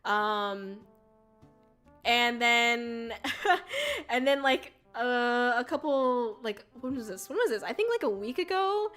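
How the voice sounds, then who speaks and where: A woman's voice: fairly high pitch, lively intonation, slow pace, a bit bright, faint music behind. A young woman streamer telling a rambling story in casual chat, full of "like" and "um", swearing and laughing often. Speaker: VTuber streamer.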